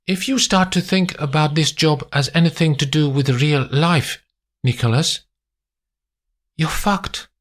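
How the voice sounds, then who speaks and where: A man reading a story aloud, voicing a calm, clinical female agent in a measured, unemotional way. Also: on the high side, voice pushed up, natural voice.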